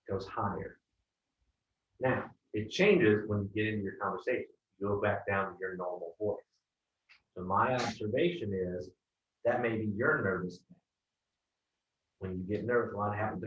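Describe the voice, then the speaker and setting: A male sales coach gives direct feedback, often checking for agreement. His lowish voice comes through far off in a roomy space, with dull, muffled sound. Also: a little hiss or hum. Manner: direct, keeps asking "right?".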